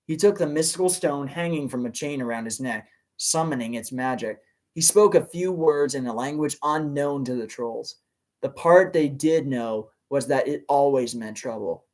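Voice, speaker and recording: A man hosting a live reading of fan fiction, narrating and breaking in with loud, excitable exclamations. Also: mid-range voice, moderate pace. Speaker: channel host, reader.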